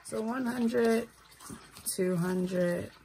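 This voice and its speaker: A woman's voice: fairly high pitch, extremely slow, mellow, a little hiss or hum. A tired woman, talking casually while counting out cash for her budget and making self-deprecating asides. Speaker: budgeting vlogger, single mother.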